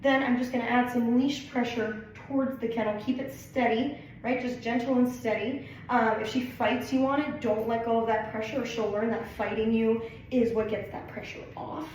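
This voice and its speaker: A woman's voice: on the high side, fairly even intonation, moderate pace, darkish tone. A woman dog trainer giving a casual training demonstration, explaining plainly and often checking in with "right?" and "okay?". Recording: very echoey room, mic far off, faint noise.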